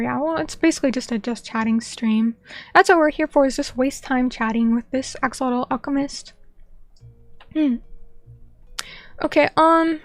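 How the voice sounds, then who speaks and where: Young woman, streamer chat, high pitch, rambling with fillers, restarts, dry close sound. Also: no echo.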